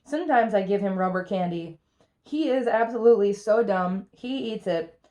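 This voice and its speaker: A woman reads a children's picture book aloud, telling it in the first person as the little heroine. Her delivery is lively and expressive, and her pitch sits in an ordinary middle range. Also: moderate pace. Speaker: reader.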